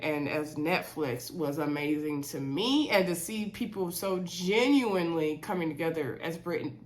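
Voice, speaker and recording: A woman casually recapping a reality TV show, chatty and animated, with many fillers. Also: on the low side. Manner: chatty, animated retelling with lots of "um" and "y'all".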